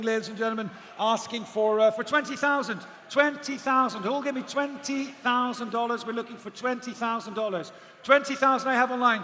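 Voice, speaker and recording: An auctioneer with an extremely high, sharp voice reels off bid figures over and over at an outdoor auction, now and then slipping in a joke. Long reverb and a faint bed of background noise surround him.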